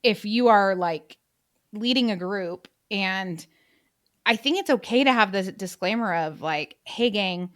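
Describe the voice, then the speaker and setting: A woman's voice: mid-range voice, expressive, a little slow, a bit bright. A woman in her late thirties co-hosting a podcast, chatting casually and candidly, swearing freely and poking fun at herself. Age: late 30s. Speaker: podcast co-host. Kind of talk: casual chat.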